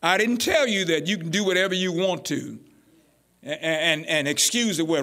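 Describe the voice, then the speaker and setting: A pastor preaching a sermon, calling out to his congregation and building to shouts. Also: sits high, lively intonation, moderate pace, gravelly. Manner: call-and-response preaching, rising to shouts.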